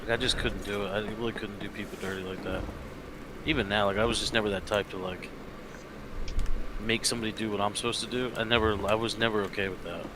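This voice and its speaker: A man's voice: on the low side, steady tone, fast talker, noisy background. A man on a live stream telling jokey stories in casual chat, swearing freely and laughing at himself.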